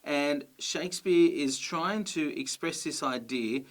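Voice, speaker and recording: A man teaching a grammar lesson, explaining clearly and patiently and checking in with his listeners. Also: on the high side, slow.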